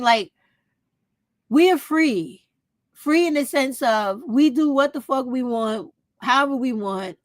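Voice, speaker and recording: A woman's voice: fairly high pitch, no echo. A woman, talking straight to her viewers in a casual opinion vlog, blunt and profane. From United States. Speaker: vlog host.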